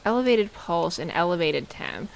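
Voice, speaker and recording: A woman streaming a game, chatting casually and playfully, mocking herself and exclaiming loudly when startled. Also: fairly low pitch, vocal fry. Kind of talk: casual gameplay commentary.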